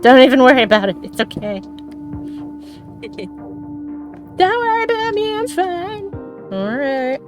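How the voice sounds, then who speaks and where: A woman's voice: sits high, sing-song, takes it slowly, long pauses, soft background music, pitched above the performer's own voice, exaggerated voice. A woman voicing her clumsy, sweet male cat in a raised, breezy, reassuring voice.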